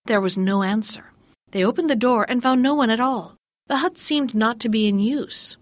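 A woman's voice: fairly high pitch, no echo. Woman reading a fairy tale aloud. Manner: measured, gently expressive reading. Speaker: storyteller. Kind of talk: scripted narration of a fairy tale.

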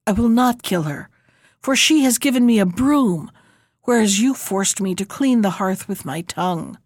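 A woman's voice: medium pitch, animated, normal speed, a little mellow, no room sound, clean studio sound, close to an everyday voice. A woman voicing a resentful kitchen servant who refuses an order in a storybook reading. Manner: firm refusal.

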